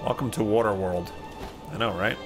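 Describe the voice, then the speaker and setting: A man casually commenting while he plays a video game on stream, excitable and quick to exclaim at what happens. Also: lowish voice. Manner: excitable, exclaims at loot and deaths. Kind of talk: casual let's-play commentary. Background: game music.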